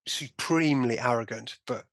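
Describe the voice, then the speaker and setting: Guest voice: man, lively storyteller who acts out the remarks, dry close sound. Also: mid-range voice, normal speed, no echo. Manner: animated storytelling, acting out his own and doctors' remarks, many "you know" fillers. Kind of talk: personal story in a conversational interview.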